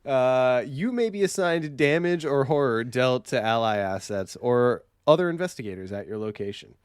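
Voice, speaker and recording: Farmhand type, put on by a man, corny Southern drawl, mid-range voice, reads text slowly and stiffly. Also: medium pitch, expressive, smooth, no room sound, clean studio sound, lightly acted. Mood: playful drawl. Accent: exaggerated bad Southern US put-on. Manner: reads card text aloud, breaking into laughs. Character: folksy male farmhand reading his own stats. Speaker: podcast co-host.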